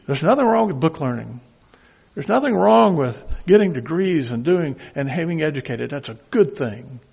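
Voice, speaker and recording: Gravelly Southern preacher, lively pitch. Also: male voice, moderate pace. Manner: conversational, folksy asides. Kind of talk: sermon.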